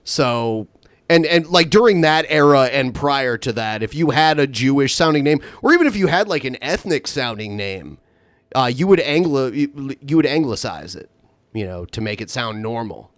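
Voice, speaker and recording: A man's voice: mid-range voice, expressive, moderate pace, a bit bright, dry recording. A man co-hosting a podcast, chatting casually and laughing often. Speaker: podcast co-host.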